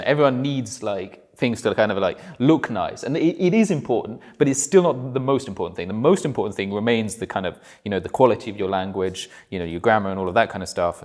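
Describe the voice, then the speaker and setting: A man's voice: fairly low pitch, a little mellow. A British man from the UK, a podcast guest, explaining his view casually with lots of "you know". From United Kingdom.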